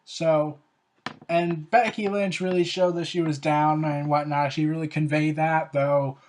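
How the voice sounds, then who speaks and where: Casual review host, rambling, opinionated, sarcastic asides, frequent "like" fillers, middle pitch. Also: flat delivery, unhurried. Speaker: show host reviewing an event.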